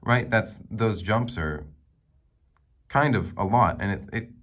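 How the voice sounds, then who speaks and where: Young man, music student, unhurried, hesitant, filler-heavy, phone mic, class presentation. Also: on the low side, animated, a bit bright. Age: young adult. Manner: hesitant, many ums and restarts.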